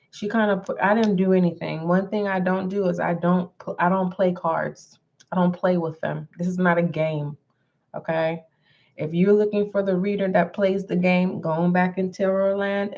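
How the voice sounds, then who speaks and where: A woman giving a tarot reading to her viewers in a deliberate way, often repeating herself and clearing her throat. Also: lowish voice, darkish tone, muffled recording. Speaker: tarot reader. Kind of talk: slow spoken tarot reading.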